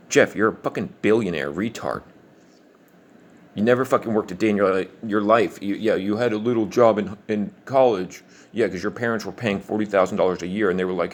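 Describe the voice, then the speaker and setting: An online commentator with a fairly low voice delivers an angry monologue, swearing frequently. He drives his points home combatively and preachily, pushing through his lines fast and insistently.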